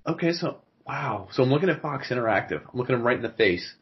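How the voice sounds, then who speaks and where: A man's voice: mid-range voice, expressive, fast talker, slightly rough, muffled recording. A man co-hosting a podcast in casual comedy chat, riffing playfully over the top. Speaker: podcast co-host.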